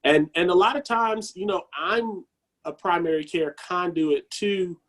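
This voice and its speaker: Man, 30s, dentist on a panel; animated anecdotes, voice sits a bit high. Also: measured pace. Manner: animated storyteller who acts out quoted voices. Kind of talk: panel discussion.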